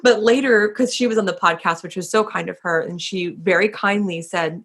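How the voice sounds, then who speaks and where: A woman hosting a yoga podcast, telling a story in an animated way with frequent laughter. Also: medium pitch, normal speed, hardly any pauses. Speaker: podcast host. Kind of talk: conversational podcast interview.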